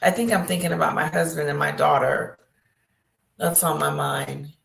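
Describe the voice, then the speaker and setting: A woman's voice: low voice, gravelly. A woman hosting a livestream, chatting casually and unhurriedly with her viewers. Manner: unhurried, talks to chat. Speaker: livestream host. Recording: echoey room.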